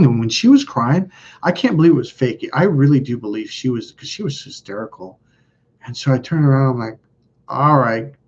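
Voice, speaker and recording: A man's voice: medium pitch, a little mellow, muffled recording. A man hosting a live stream, telling stories in a blunt, profane, self-mocking casual chat. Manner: blunt, profane, laughs at himself.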